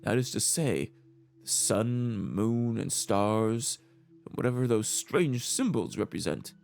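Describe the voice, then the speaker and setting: A man voicing a measured male scholar who explains things in a formal way. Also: lowish voice, expressive, gravelly, a little mellow, heavily acted. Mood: lecturing.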